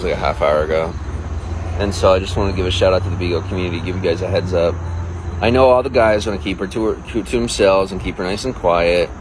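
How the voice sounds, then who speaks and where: A very low-voiced man talks casually on a livestream, crude and boastful as he rambles on to his viewers. Steady background noise runs beneath his voice. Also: rough recording. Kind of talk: casual livestream chat, reading viewer comments.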